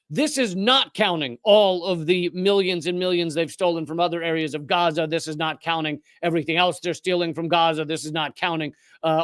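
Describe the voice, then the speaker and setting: Male live-stream host, high-pitched, dry close sound, sarcastic and emphatic delivery. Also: a bit bright, no echo. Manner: sarcastic, emphatic, incredulous asides. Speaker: political commentary host. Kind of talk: live-stream political commentary.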